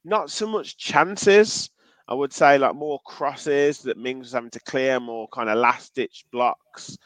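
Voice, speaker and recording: A man's voice: medium pitch, takes it slowly, fairly bright tone, no echo. A man hosting a football podcast, chatting casually with fillers and reading out listener comments. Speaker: podcast host.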